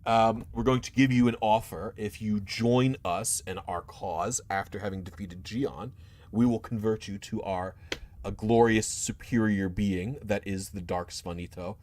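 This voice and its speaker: A man's voice: lowish voice, a little slow, darkish tone, slight background noise, close to an everyday voice. A man playing a haughty alien starship captain. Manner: haughty, formal, condescending. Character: cold imperious alien male starship captain.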